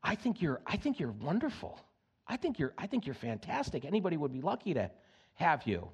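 A man acting out an eager single man flattering a divorced woman he has just met, in a sermon. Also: mid-range voice, brisk, slightly rough, highs cut off, pitched below the performer's own voice.

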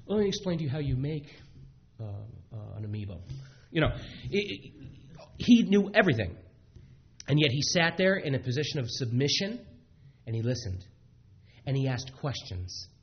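A man preaching a sermon in a halting way, with frequent restarts and fillers, on a dull lo-fi recording. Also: mid-range voice, very animated, slightly rough. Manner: halting, many restarts, acts out quotes.

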